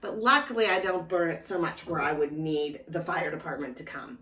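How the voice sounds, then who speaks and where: A woman giving a slow, gentle lesson to young children as a librarian, talking straight to them. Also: low voice, expressive, recorded from a distance. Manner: slow, gentle, speaking directly to small children. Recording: echoey room, voice a bit off-mic. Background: clock ticking.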